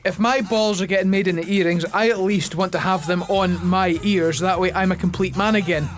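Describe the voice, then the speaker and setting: A man's voice: high voice, steady tone, brisk, faint music behind. A Scottish man with an Aberdeen accent co-hosting a comedy podcast, joking loosely and stumbling over his restarts. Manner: joking, stammering restarts, bursts into sung chants. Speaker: co-host. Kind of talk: casual comedy chat.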